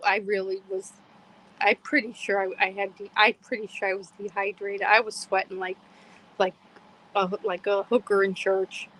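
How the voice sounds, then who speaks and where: A middle-aged woman from Pennsylvania, hosting a podcast and telling a story in a casual, animated way, quoting herself and others and laughing often. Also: medium pitch, a little hiss or hum, poor audio. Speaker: podcast host.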